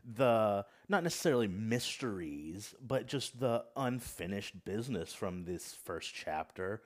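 A man hosting a casual podcast chat, steering the talk and calling on his guests by name. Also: on the low side. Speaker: podcast host.

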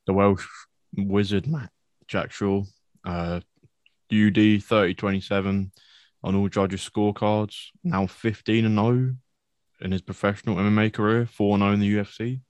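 Low-voiced chatty man, enthusiastic. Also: steady tone, normal speed, a little mellow, no echo. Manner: chatty, enthusiastic, says "mate" a lot. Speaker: podcast co-host. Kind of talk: casual MMA fight recap.

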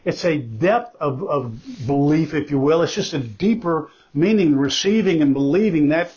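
A man's voice: on the high side, lively intonation, normal speed, darkish tone, breathy edge. A man preaching a sermon as pastor, earnest and emphatic, repeating key phrases for weight. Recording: dull lo-fi recording.

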